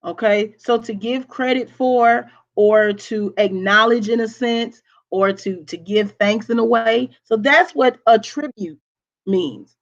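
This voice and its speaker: A woman teacher giving a recorded lesson, speaking slowly and deliberately, spelling words out letter by letter and checking in with "okay?" often. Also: fairly high pitch. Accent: Southern US. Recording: dull lo-fi recording.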